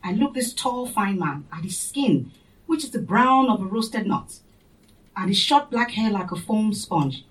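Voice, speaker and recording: A woman reading a first-person story aloud in a plain, unhurried way. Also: mid-range voice, animated, far from the mic, low-quality recording. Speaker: audiobook narrator.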